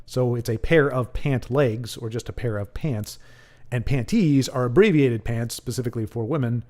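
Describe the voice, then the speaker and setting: A man's voice: medium pitch, moderate pace, dark tone. A man hosting a livestream, chatting casually and jokingly with viewers, often correcting himself as he rambles. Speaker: livestream host.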